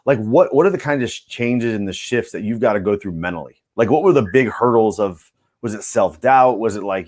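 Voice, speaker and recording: A man's voice: lowish voice, brisk. Easygoing podcast host, man. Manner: relaxed, jokey, says "like" a lot. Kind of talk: casual interview chat.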